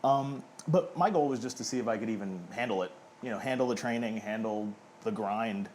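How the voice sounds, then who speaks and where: A man's voice: mid-range voice, fast, a little mellow, a little hiss or hum. A man in his thirties, an independent pro wrestler, chatting casually and self-deprecatingly in an interview. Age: 30s. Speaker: indie pro wrestler guest.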